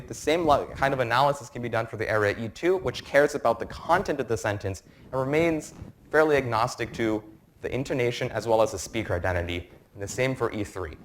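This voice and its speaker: A young man in his twenties presenting an academic lecture to a room, explaining research in a quick, informal way. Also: mid-range voice, slight background noise. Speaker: medical student presenter.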